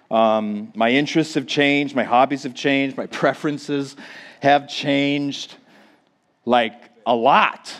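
Joking Minnesotan pastor in his forties. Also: mid-range voice. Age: 40s. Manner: joking, self-deprecating, chatty with many fillers. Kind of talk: casual sermon to a congregation.

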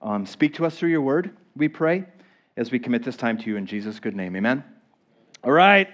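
A man preaching a sermon as pastor, reading scripture slowly with emphasis and asking his listeners questions. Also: mid-range voice, big pitch swings, a bit bright, lo-fi sound.

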